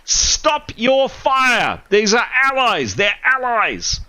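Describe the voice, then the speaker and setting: A man voicing a male archer who yells frantic warnings at the top of his voice. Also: very high voice, wildly swooping pitch, slow pace, clear, resonant tone, voice pushed up, heavily acted. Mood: frantic shouting. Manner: shouting.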